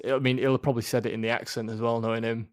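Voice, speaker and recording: A young man hosts a podcast with an easy, chatty manner, often breaking into giggles as he shares trivia. His pitch sits in an everyday middle range. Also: little pitch movement, racing. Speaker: podcast host. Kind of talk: casual chat.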